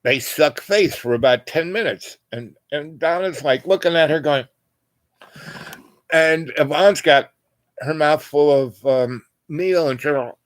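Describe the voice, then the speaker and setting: At a measured pace and fairly high pitch, an older man meanders through a lengthy personal anecdote in casual chat. He leans on "you know," restarts often, and voices the other people in the story. No echo is heard.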